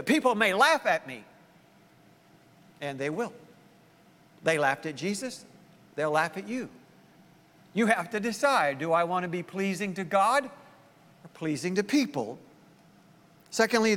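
Animated pastor with a bright voice. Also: male voice, sits high, long reverb tail. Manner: animated storytelling, acting out voices of the story's people. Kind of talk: sermon.

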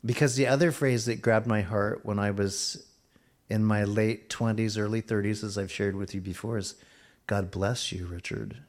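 A middle-aged man preaching a sermon, slowing down for emphasis and dropping to a near hush at times. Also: on the low side. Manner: expressive preaching, slows for emphasis and drops to a hush. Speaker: pastor.

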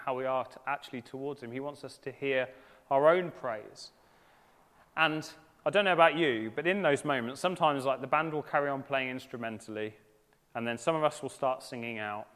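Man preaching in an echoing hall. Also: medium pitch. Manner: earnest, conversational, with gentle humour. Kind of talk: sermon. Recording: long reverb of a large church hall.

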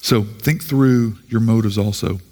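A man's voice: on the low side, measured pace, darkish tone, in a large hall. A man pastor giving a conversational sermon full of rhetorical questions.

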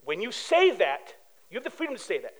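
A man from preaching a sermon as pastor, animated and telling stories with acted-out quotes. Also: high-pitched, brisk, low-quality recording.

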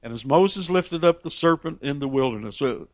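A man's voice: fairly high pitch, lively intonation, normal speed, no room sound, studio quality. A man preaching a sermon with emphatic rises on key phrases and frequent repeated words as he restarts. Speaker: pastor.

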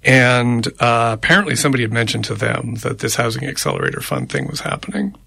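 A man's voice: mid-range voice, fast talker, vocal fry, pushed and bright, no echo. A man co-hosting a radio show, chatting casually about city politics in a conversational, rambling way. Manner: conversational, rambling, tallies names aloud. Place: radio studio. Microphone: studio microphone.

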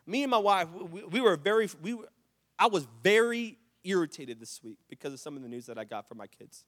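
A middle-aged man preaching a sermon, telling stories with repeated restarts and building to loud, impassioned climaxes. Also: sits high, lively intonation, fairly quick, in a large hall. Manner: storytelling with repetitions and restarts. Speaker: pastor.

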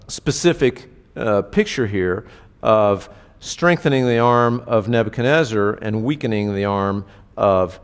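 A man preaching a sermon in a conversational way, often asking his listeners rhetorical questions. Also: fairly low pitch. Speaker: pastor. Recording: reverberant hall.

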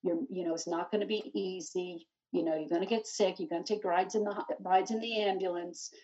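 Wise kindly male lion king from a storybook, read by a woman; reassuring, husky, dull distant sound. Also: lowish voice, fairly even intonation, fairly quick, dark tone, lightly acted. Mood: gentle. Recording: dull, slightly distant recording.

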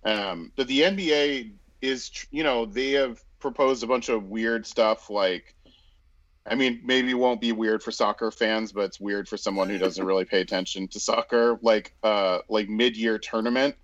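A man's voice: lowish voice, steady tone, normal speed, a bit bright, dry recording, dull audio. A man in casual sports chat, rambling with many fillers and restarts.

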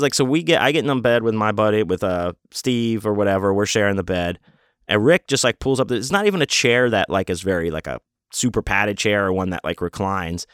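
A man's voice: lowish voice, fairly bright tone, clear, resonant tone, no echo, clean studio sound. A man telling a casual, rambling story full of swearing, fillers and restarts.

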